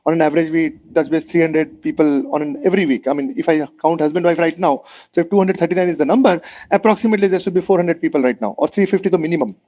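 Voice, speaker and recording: A man with an Indian English accent, leading a motivational online mentoring session, energetic and coaxing, repeating phrases for emphasis. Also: a little high, quick pace. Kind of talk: motivational webinar talk. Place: video call.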